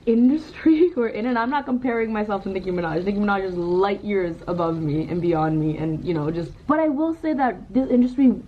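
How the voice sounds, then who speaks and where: A young woman venting in an emotional vlog rant, fast and self-critical, laughing through her upset. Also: medium pitch, expressive. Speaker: vlogger. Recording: dull, slightly lo-fi with faint background noise.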